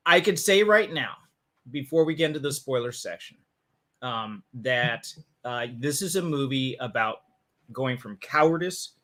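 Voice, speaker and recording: A man hosting a casual film review chat, joking and animated, often restarting his sentences. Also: on the high side. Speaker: podcast host reviewing a film.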